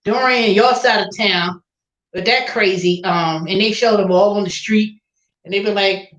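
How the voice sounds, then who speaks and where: An animated woman hosts a casual chat and acts out her callers in lively quoted voices as she tells stories. The sound has a roomy echo and a dull, lo-fi edge. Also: mid-range voice, measured pace. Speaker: podcast host; phone sales agent.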